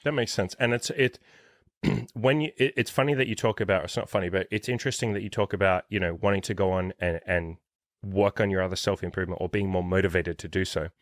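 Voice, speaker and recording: A man's voice: low-pitched, fast talker, no room sound, clean studio sound. Blunt, profane man coaching. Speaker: host and dating coach. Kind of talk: casual interview chat.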